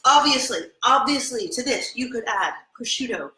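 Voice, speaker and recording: A woman hosting a live cooking lesson in her home kitchen, chatty and excitable as she demonstrates and tastes. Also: a little high, normal speed, echoey room, background noise. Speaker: cooking show host.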